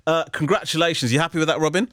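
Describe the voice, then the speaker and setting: A man's voice: on the high side, racing, fairly bright tone, no echo, studio quality. A man hosting a radio phone-in, chatty and encouraging with callers. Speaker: radio show host.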